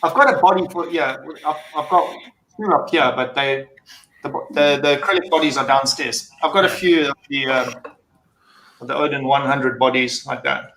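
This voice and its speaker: A man chatting as a guest on a video call panel, talking in halting starts as he explains his handmade work. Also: mid-range voice, bright, forceful tone. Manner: halting, restarts when explaining. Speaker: guest maker of acrylic vape mods. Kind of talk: casual panel chat. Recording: echoey room with faint noise.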